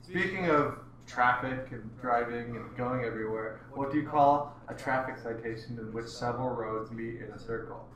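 A man's voice: mid-range voice, normal speed, few pauses, fairly bright tone. A young man hosting a podcast, chatting casually and playfully reading out quiz questions. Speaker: podcast host. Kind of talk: casual chat. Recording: echoey room, a bit off-mic.

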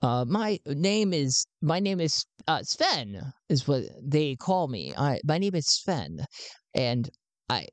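A man's voice: fairly high pitch, big pitch swings, slow, no echo, pitched above the performer's own voice. A man voicing a shy young newcomer who stammers and hesitates. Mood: hesitant. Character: shy young male newcomer from the outer rim.

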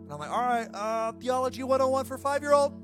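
A middle-aged male pastor preaching a sermon, fired up and shouting at times, then dropping to a soft storytelling voice. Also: extremely high pitch, fast, over music.

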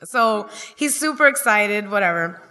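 A woman on a comedy stage tells a family story to a live audience, with a bright, forceful voice. She slips into the voices of the people in the tale, and her words ring out with a long hall reverb. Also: medium pitch, a little slow, smooth. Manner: lively, acts out the people she quotes. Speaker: stand-up comedian telling a story.

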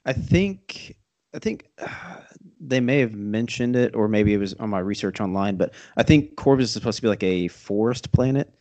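A man's voice: fairly low pitch, lively intonation, normal speed, darkish tone. A man co-hosting a casual podcast chat, hesitant and thinking aloud. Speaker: podcast co-host.

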